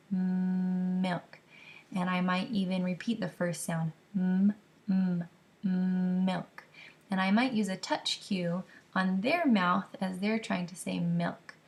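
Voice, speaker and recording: A woman who is a mother calmly explains how to teach signs to babies, modelling words and sounds gently as she goes. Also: on the low side, vocal fry. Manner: slow, careful explaining with gentle demonstrations. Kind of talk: instructional talk to camera.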